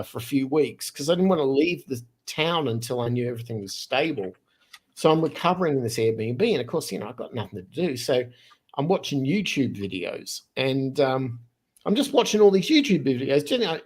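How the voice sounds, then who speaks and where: This is a man in his fifties, originally from Australia, speaking as a guest on a podcast. He tells his story casually and with a lot of energy, jumping back to restart sentences as he goes. His voice sits at an ordinary middle pitch for a man. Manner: animated, quick storyteller who restarts phrases.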